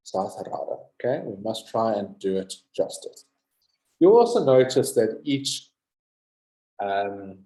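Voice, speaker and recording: A man teaching a recorded yoga lesson, slowly repeating Sanskrit terms and having listeners say them back. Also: fairly low pitch, dark tone, reverberant, rough recording. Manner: drills pronunciation, repeats words slowly and asks listeners to say them.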